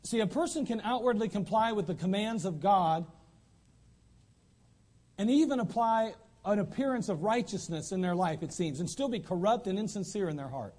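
A man preaches in a church sanctuary, his voice pitched high for a man. He drives his points home emphatically, repeating lines for stress. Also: expressive, moderate pace, a little mellow. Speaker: pastor. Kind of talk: sermon.

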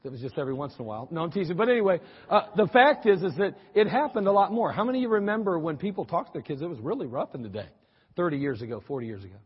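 A middle-aged man preaching a sermon, folksy and animated, with teasing asides to the congregation. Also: sits high, quick pace, breathy edge. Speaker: pastor. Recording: dull, lo-fi audio with long church-hall reverb.

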